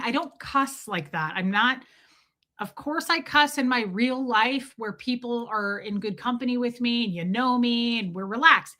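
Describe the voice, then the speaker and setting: A woman with a bright, forceful voice pitched a little high, telling a story straight to the camera. She is animated, acts out each quoted voice, and swears when she gets worked up. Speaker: vlogger. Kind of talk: casual storytelling rant.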